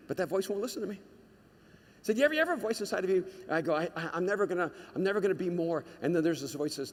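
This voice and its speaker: A male pastor delivering a dramatic sermon, moving between hushed storytelling and shouted urgency. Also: high voice, lively intonation, fast, in a large hall.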